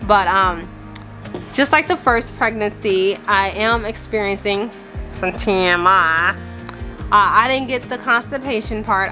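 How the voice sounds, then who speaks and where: A woman's voice: medium pitch, slow, over music. A woman in her thirties talking candidly and casually in a vlog, a little out of breath and laughing now and then. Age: 30s. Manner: chatty and candid, laughing often. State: slightly out of breath. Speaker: family vlogger.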